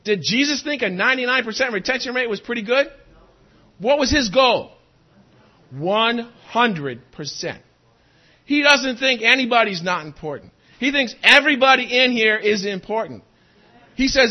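A male pastor preaching a sermon in an animated way, asking the congregation questions. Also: very high voice, normal speed. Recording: dull lo-fi recording.

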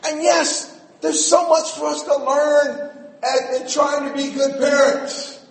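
Middle-aged preacher guy, real high voice, takes his time, echoey church far from the mic. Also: takes it slowly, gravelly. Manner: animated, shifts between shouting and quiet asides. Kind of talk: sermon. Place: church sanctuary. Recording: echoey hall, mic at a distance.

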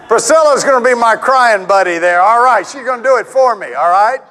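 A middle-aged man preaching a sermon in a conversational, animated way, acting out quotes and stories. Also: normal speed, some chatter behind, low-quality recording. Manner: animated, conversational, acts out quotes with big pitch swings.

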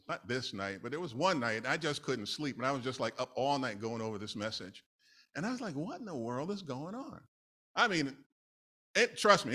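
A man's voice: on the high side, bright, forceful tone. A man from New City, preaching a casual, conversational sermon with laughing asides. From New York City. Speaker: lay preacher.

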